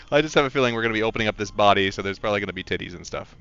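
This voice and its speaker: A man chats through a game stream in a rambling, candid, openly emotional way. His voice is low but bright and forward. The stream audio is a little dull, with faint music behind him. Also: gravelly, clean tone, dry recording. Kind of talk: casual live-stream chat.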